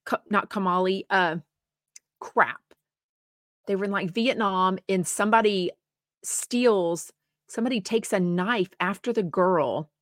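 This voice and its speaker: A woman's voice: medium pitch, measured pace, long pauses, dry recording, clean studio sound. A woman co-hosting a show, chatting casually and rambling sympathetically as she reads viewer comments aloud. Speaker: co-host.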